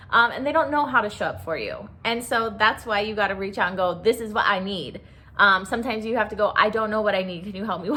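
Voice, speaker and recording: Young woman podcaster, blunt and swearing a lot, bright punchy voice, just talking straight. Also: mid-range voice. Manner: blunt and profane, frank and impassioned. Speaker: podcast host. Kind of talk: candid solo podcast talk on grief.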